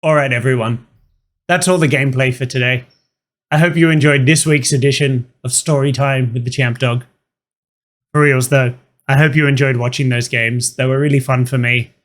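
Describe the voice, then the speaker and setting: A man's voice: medium pitch, moderate pace. A man hosting a gaming channel, casually commenting on his matches and telling stories from work. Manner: chatty, animated anecdote-telling over gameplay.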